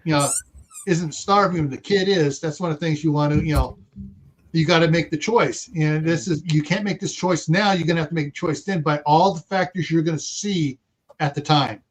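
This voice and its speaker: High-voiced man rambling through a podcast chat. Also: normal speed, poor audio. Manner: rambling, restarts a lot while reasoning aloud. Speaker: podcast guest. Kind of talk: casual podcast discussion.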